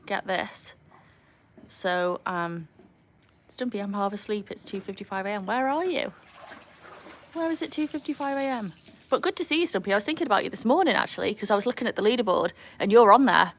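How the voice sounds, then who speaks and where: A young woman from England and Wales chats casually with viewers on a livestream beside her home pool, her mid-range voice a little fast with a touch of hiss or hum. She answers viewers and cheers loud woohoos at her dog while a pool pump and faint outdoor sounds run behind her.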